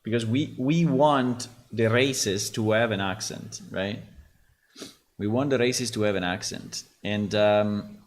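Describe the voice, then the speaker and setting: A man from Italy with an Italian accent, a game developer host talking casually while browsing, halting and restarting as he thinks aloud. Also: on the low side. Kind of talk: casual screen-share talk.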